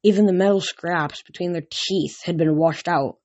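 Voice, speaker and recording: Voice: mid-range voice, moderate pace, darkish tone, no echo, lo-fi sound. A reader narrating a novel chapter aloud, with small slips and restarts. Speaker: audiobook reader. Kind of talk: storybook narration read aloud.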